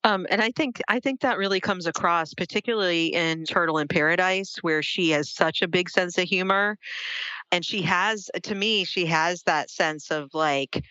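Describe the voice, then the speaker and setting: A woman's voice: on the low side, normal speed, pushed and bright, clean tone, no echo. A woman interviewing an author, asking enthusiastic, rambling questions full of fillers. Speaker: interviewer, podcast host. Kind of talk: casual interview conversation. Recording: dry, dull lo-fi audio.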